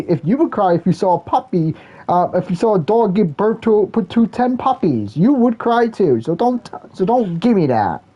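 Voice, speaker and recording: A man's voice: high-pitched, big pitch swings, normal speed, dark tone, slightly rough, rough recording. A man ranting casually while playing a game, rambling and restarting his sentences often. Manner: rambling, repetitive, many restarts. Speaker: gaming vlogger. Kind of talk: casual rant while gaming.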